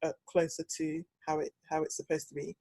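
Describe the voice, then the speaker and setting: A woman's voice: low-pitched, level tone, fairly quick, mellow, dry recording. A young British woman hosting a podcast, telling a story in casual chat and acting out the quoted dialogue. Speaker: podcast host.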